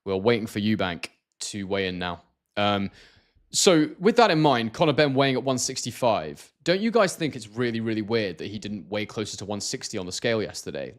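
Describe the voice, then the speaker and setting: A man's voice: medium pitch, very animated, normal speed. A man from Scotland hosting a casual live stream, reading out viewer comments and talking with many hesitations and restarts.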